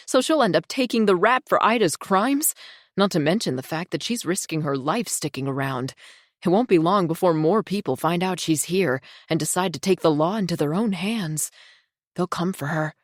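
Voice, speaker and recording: Low-voiced woman narrating a thriller. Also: no room sound, clean studio sound. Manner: tense, measured storytelling. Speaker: audiobook narrator.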